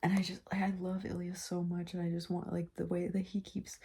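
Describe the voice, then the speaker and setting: A young woman with a low, flat voice, gravelly with fry and a husky edge, gushing and rambling about her reading at home. She talks in loose, excited run-on sentences full of filler, like a casual vlog to her viewers. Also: a little fast. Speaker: booktuber.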